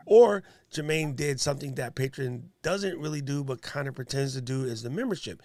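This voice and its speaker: Gravelly joking man from New York. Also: medium pitch, brisk, hardly any pauses, dry recording. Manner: animated, joking, talks to viewers and chat. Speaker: livestream host. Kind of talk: casual livestream chat.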